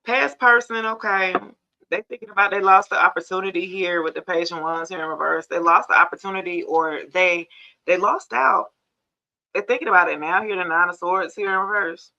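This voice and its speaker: Gravelly chatty woman doing live tarot. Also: fairly low pitch, fairly quick, bright, forceful tone, muffled recording. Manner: chatty, addresses viewers as y'all. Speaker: tarot reader hosting a live stream. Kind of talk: casual live tarot reading.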